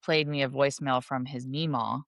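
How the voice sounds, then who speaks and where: A woman with a low voice co-hosts a podcast in loose, chatty talk. She tells stories with self-deprecating humor. The sound is dry and close on a studio mic. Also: steady tone, a little fast, dry recording. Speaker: podcast co-host. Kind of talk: casual chat.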